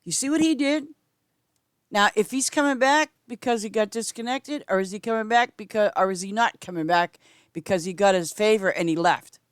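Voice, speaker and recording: A woman's voice: normal speed, clean tone, dry recording. Chatty woman streamer, dry close sound. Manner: chatty, rambling, repeats "I'm just saying"; lively swings in pitch and loudness, sometimes whispering. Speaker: game streamer. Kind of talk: casual gameplay chat with viewers.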